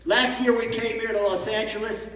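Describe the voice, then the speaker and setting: A man giving an animated storytelling sermon as a rabbi at a conference, recorded from far off in a large echoey hall. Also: sits high, moderate pace, crowd noise. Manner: animated, acts out the story in voices.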